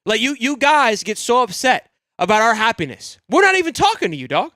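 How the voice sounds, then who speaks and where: Excitable high-voiced male sports streamer. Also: fairly quick, no room sound, clean studio sound. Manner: excitable, rambling, swears freely, swings from loud hype to low grumbling. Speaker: sports podcast host. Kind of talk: live-stream fan sports talk.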